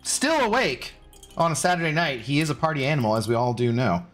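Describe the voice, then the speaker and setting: A man's voice: fairly high pitch, big pitch swings, brisk, fairly bright tone, faint music behind. Laid-back man streaming a game. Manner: laid-back, chatty, greets viewers by name. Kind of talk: casual live-stream chat while gaming.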